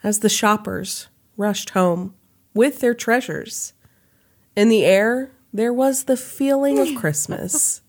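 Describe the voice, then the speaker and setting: A woman hosting a podcast, reading a story aloud in a casual chat style and breaking off for laughs and asides. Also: medium pitch. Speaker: podcast host.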